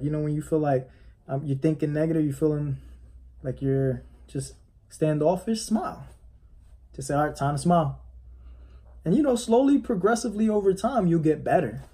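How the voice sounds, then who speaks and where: Man, real estate agent, casual vlog, rambling coaching talk, husky, slightly high voice. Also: mellow. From United States. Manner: rambling, restarts often, coaching tone.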